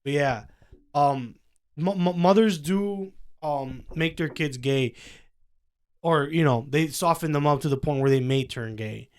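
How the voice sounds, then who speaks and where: A young man chatting casually on a podcast, his voice sitting a little high and coming through smooth and clean. He rambles, piling up fillers and restarting his sentences. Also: a little slow, darkish tone. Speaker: podcast co-host. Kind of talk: casual chat.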